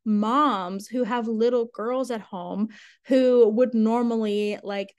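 A woman's voice: fairly high pitch, fairly even intonation, slow pace, darkish tone, smooth. A young woman hosting her own podcast, talking frankly and chattily with lots of fillers and casual swearing. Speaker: sales coach and podcast host. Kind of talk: casual solo podcast monologue.

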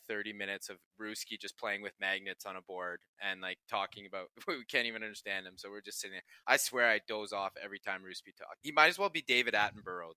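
Young guy on a podcast telling stories, keeps laughing, lowish voice, super clear. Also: sharp tone, no echo. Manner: laughs often while telling stories, swears casually. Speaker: podcast co-host. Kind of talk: casual podcast storytelling.

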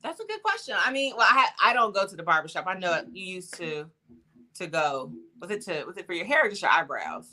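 A woman co-hosting a casual chat podcast, relaxed and talkative with lots of fillers. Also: lowish voice, brisk. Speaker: podcast co-host.

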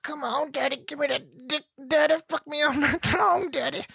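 Man doing a high coaxing street woman. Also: moderate pace, creaky, bright, forceful tone, no echo, studio quality, heavily acted.

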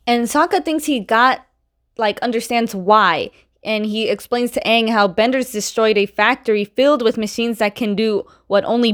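A young woman casually recapping a cartoon episode, chatty, full of "like", acting out the characters' quotes. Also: fairly high pitch. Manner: chatty, lots of "like", acts out quotes.

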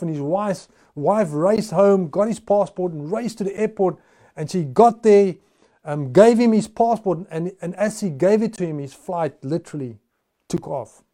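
A man's voice: high-pitched, mellow. A male pastor preaching a sermon, telling stories in a conversational way with frequent restarts.

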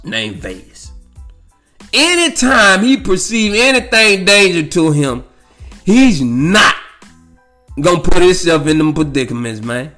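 A man's voice: high-pitched, sing-song, measured pace, pushed and bright, soft background music. A man hosting a podcast who tells casual, profane, rambling stories, laughs at his own jokes and keeps checking in with "you know what I'm saying.". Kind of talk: casual storytelling monologue.

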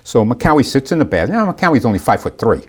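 Animated man telling a story. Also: medium pitch, quick pace, husky. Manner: animated, acts out voices of people in the story. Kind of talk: casual anecdote.

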